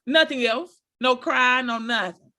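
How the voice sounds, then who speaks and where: A woman talking casually to her viewers, giving animated, preachy advice and repeating her points. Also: sits high, a little slow. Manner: animated, repeats phrases, addresses viewers directly; preachy, encouraging. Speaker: motivational speaker.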